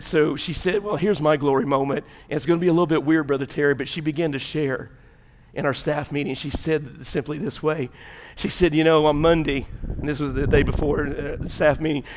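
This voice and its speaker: A Southern preacher from Mississippi delivers his sermon with folksy, fervent conviction. His voice sits a little high for a man, and his accent colors every loose, colloquial phrase. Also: big-room sound. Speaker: pastor.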